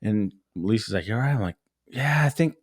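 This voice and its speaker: Lively animated man telling a story. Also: fairly low pitch, a little fast, husky. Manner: animated storytelling, swearing, acting out quotes. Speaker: podcast co-host. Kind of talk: casual chat.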